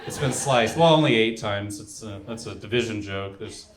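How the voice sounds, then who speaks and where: A man's voice: on the low side, normal speed, hardly any pauses. A young man doing a stand-up set, delivering one-liners and trailing off into mumbles between jokes. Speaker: stand-up comedian. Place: comedy club stage.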